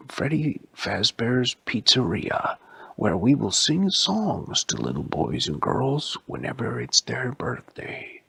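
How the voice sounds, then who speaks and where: A man voicing a polite, gentle animatronic robot bear in a soft, half-whispered bedtime story voice. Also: medium pitch, gravelly, breathy edge, no echo, pitched above the performer's own voice, exaggerated voice.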